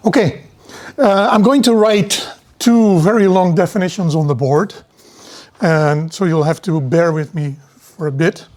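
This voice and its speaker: A middle-aged man giving a university lecture in a relaxed, digressive way, often restarting his sentences. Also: on the high side.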